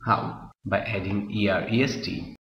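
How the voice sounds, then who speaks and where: This grammar teacher has a voice on the low side, with fairly even intonation and a measured pace. He repeats his points and constantly checks with the class by asking "Clear?", while the echoey, muffled room and his drifting position blur the sound.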